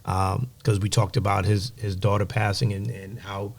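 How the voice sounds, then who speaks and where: Gravelly-voiced man telling stories. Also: fairly low pitch, normal speed. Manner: animated storyteller, acts out quoted voices; motivational, emphatic delivery. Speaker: guest, music executive. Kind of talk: storytelling in a podcast interview.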